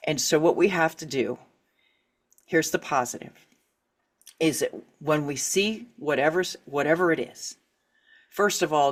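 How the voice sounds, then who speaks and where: A middle-aged woman talking as an interview guest, her voice sitting a little low for a woman. She tells her story candidly and with lots of energy, laughing often and acting out reactions in quick little voices. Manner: animated, laughs often, acts out quoted reactions. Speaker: author and writing coach, interview guest.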